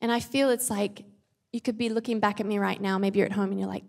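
A woman's voice: mid-range voice, fairly even intonation, fast talker, gravelly. A mother giving an earnest, chatty Bible devotional talk with self-aware asides. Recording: long hall reverb.

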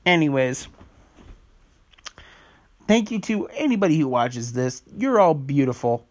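A man's voice: on the high side, very animated, measured pace. A man hosting his own podcast in a casual, rambling monologue, swearing freely as he talks. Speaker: podcast host.

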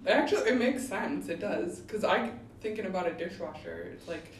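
A woman's voice: fairly low pitch, animated, moderate pace, slight background noise. An easygoing woman co-hosting a chat podcast, laughing along and talking casually. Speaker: podcast co-host. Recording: roomy, distant mic, faint ambience.

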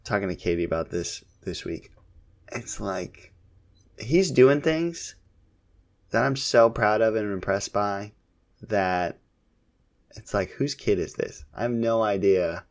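Low-voiced dad telling stories. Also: male voice, slow, vocal fry, long pauses. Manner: relaxed, rambling storytelling with many fillers. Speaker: podcast co-host. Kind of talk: casual chat about family.

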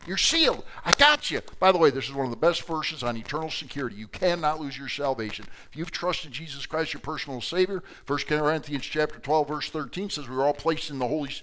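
Older male Bible teacher, slightly high voice, emphatic with hushed asides, live church class. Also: quick pace, few pauses. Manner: dynamic, swings from loud emphasis to quiet asides. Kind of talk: sermon-style Bible teaching.

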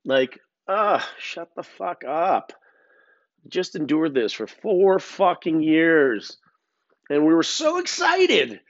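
Creaky and pitched on the high side, a male podcaster goes off on a casual tirade packed with curses, false starts and filler words. There's no room sound, though the audio is dull and lo-fi.

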